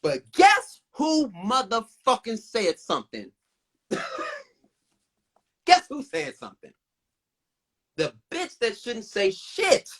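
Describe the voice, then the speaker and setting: Animated, swearing male host telling a story. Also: extremely high pitch, slow, pauses often. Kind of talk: casual live-stream storytelling.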